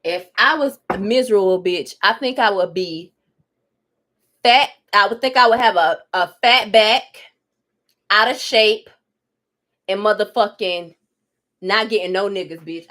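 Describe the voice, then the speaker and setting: A woman's voice: on the high side, bright, forceful tone. A woman vlogger ranting candidly while she cooks in her home kitchen, blunt and heavy on profanity. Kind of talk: candid rant while cooking.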